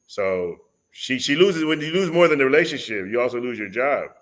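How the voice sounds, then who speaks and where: A man's voice: medium pitch, animated, brisk, fairly bright tone. A man being interviewed on a podcast, telling stories in casual chat, acting out quotes and laughing often. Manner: storyteller who acts out quotes, laughs often. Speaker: podcast guest.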